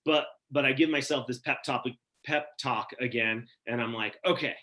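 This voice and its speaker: A man from Wyoming telling a personal story at a story slam, casual and animated with many "like" fillers. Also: medium pitch, normal speed.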